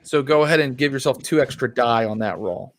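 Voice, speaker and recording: A man's voice: medium pitch, brisk, dry recording. A man running a tabletop role-playing game as storyteller, narrating in a loose, chatty way with fillers.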